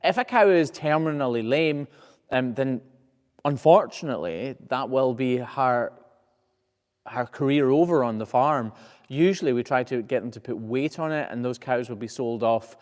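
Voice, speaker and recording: A man's voice: medium pitch, a little mellow, big-room sound. A man hosting a casual live Q&A as a professional hoof trimmer, reading viewer questions aloud and answering in a chatty, easygoing way with frequent "uh"s and restarts.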